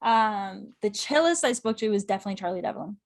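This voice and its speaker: A woman's voice: medium pitch, animated, creaky. Chatty young woman. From Canada. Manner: chatty, quick, laughs often, heavy use of "like". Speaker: podcast guest, club correspondent. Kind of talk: casual interview chat.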